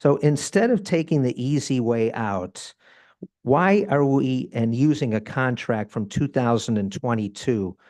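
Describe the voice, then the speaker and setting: A man's voice: mid-range voice, a little mellow, dry recording, studio quality. A man speaking as a resident during public comment at a city meeting, pointed and dryly sarcastic.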